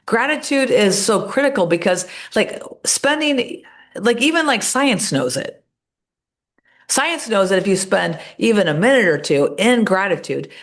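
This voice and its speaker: A woman talking as a podcast guest, telling stories with energy and acting out the voices of the people she quotes. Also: mid-range voice. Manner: animated storyteller, acts out quoted voices. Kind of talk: casual interview talk.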